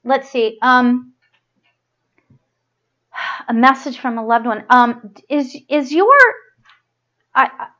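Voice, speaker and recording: A woman's voice: fairly high pitch, fairly even intonation, a bit bright, dull audio. Rambling woman medium on a live stream. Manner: rambling, halting, many fillers and restarts; gushing and affectionate. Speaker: medium hosting a live show. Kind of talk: live-stream chat and psychic reading.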